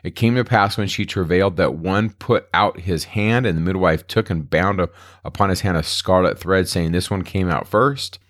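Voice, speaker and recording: A deep-voiced man teaches a Bible lesson in a relaxed, conversational way. He retells the old text in everyday modern phrasing, as if talking to a class. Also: normal speed. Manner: conversational, retells scripture in plain modern words. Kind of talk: casual Bible study lecture.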